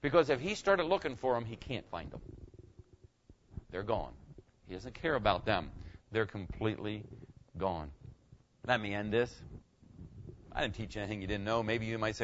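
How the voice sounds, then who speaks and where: A middle-aged pastor with a lowish, expressive voice preaches at normal speed with long pauses, talking conversationally, repeating phrases and questioning his listeners in a church sanctuary. The dull lo-fi recording has a little hiss or hum.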